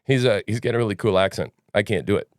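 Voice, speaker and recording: A man's voice: on the low side, fast, no room sound, studio quality. A man hosting a news commentary podcast, talking casually in a rambling, sarcastic way. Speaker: podcast host.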